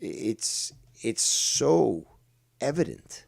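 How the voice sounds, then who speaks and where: A man's voice: mid-range voice, big pitch swings, drawn-out words, vocal fry, husky, no echo, studio quality. A man commenting on online drama during a livestream, mocking, sarcastic and full of profanity.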